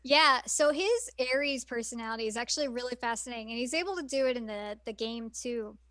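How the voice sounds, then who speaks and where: A woman's voice: fairly high pitch, a little fast, bright, forceful tone, no echo, clean studio sound. A woman co-hosting a podcast, chatting casually about anime and rambling with lots of fillers and restarts. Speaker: podcast co-host.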